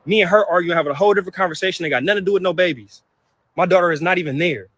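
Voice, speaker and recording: Man, high voice, rapid-fire heated profane rant, hurt and upset; personal vlog to camera. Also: fairly bright tone. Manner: heated, profane, repetitive outbursts. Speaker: vlogger. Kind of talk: emotional personal venting to camera.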